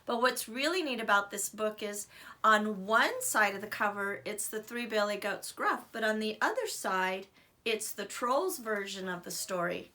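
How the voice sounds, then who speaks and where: A woman teacher reading a storybook aloud to children in an expressive, animated way. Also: medium pitch, normal speed.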